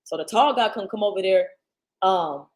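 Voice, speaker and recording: A woman's voice: medium pitch, moderate pace, low-quality recording. Slangy woman telling a story on a livestream. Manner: slangy, animated, talks loudly at times. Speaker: livestream host. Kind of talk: casual storytelling to a live audience. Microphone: computer's internal mic.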